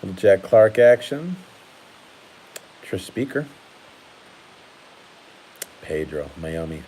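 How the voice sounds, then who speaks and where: A man's voice: deep voice, very animated, slow pace, mellow, slight background noise, rough recording. A man hosting a casual card-collecting live stream, chatty and laughing often while he sorts cards at his table.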